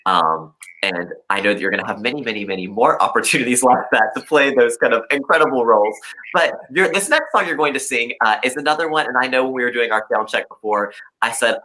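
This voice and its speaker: A man's voice: fairly low pitch, pushed and bright, rough recording. A man hosting an interview, chatting in an enthusiastic, friendly way. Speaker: host. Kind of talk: casual interview chat.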